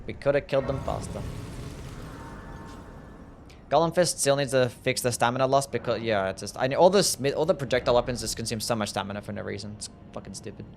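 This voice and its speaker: Young aussie guy streaming a game, gravelly, cursing and chatting with viewers, mid pitch. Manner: swears freely, reacts to chat. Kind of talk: casual gameplay commentary. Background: game music.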